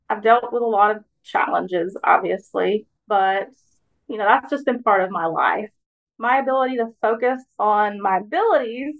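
A woman's voice: mid-range voice, poor audio. Earnest woman. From Alabama, US. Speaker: podcast guest. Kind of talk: personal reflection in conversation.

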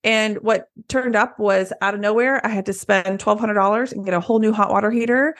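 A young woman co-hosts a relaxed podcast, telling her own story in an easy, conversational way and laughing along with her partner. Her voice sits at an ordinary middle pitch. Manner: chatty, laughs along, quick reactions. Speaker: podcast co-host, salon owner. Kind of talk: casual chat.

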